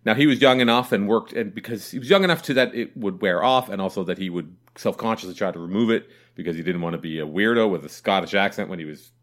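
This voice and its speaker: Low-voiced Canadian podcast host. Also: male voice, fast talker, hardly any pauses, fairly bright tone. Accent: Southern Ontario Canadian. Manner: rambling storyteller, laughs often. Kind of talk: casual podcast chat.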